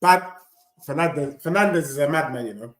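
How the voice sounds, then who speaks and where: A man hosting a live football watchalong, bantering with chat and shouting when goals go in. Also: on the high side, fairly quick, roomy sound. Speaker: watchalong host.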